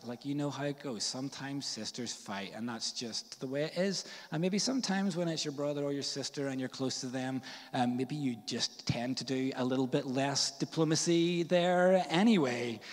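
A man's voice: medium pitch, big-room sound. A man from Northern Ireland with a Northern Irish accent, preaching a sermon in a casual, jokey storytelling way with slang and fillers. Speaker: pastor. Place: church.

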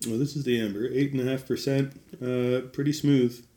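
A man's voice: mid-range voice, steady tone, moderate pace, dark tone, roomy sound. A man chatting casually as a podcast guest, laid-back and trailing off. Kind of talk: casual chat.

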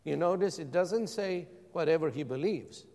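A man's voice: fairly high pitch, animated, moderate pace, dark tone. A man preaching a sermon as pastor, calling out questions to his congregation. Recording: long hall reverb.

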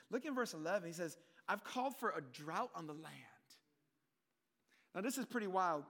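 High-voiced animated man preaching. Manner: animated, swings between loud emphatic peaks and hushed low asides; casual, conversational preaching with quoted prayers. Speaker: pastor. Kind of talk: sermon.

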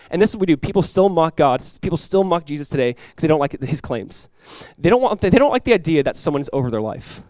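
A man preaching a sermon as pastor, emphatic, rising and swelling when he quotes scripture, with quick conversational asides. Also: a little high, sing-song, a little mellow, dry recording.

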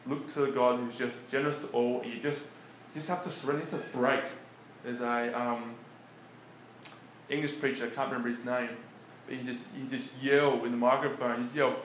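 A man preaching in a relaxed, conversational way, often chuckling between his points. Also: medium pitch, fairly quick. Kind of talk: conversational sermon. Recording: echoey room with faint background noise.

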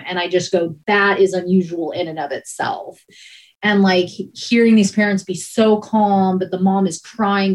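Woman, former emergency dispatcher, halting emotional telling, steady mid pitch. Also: rough recording. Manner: halting, emotional, with many restarts and pauses. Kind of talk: personal account in a conversation.

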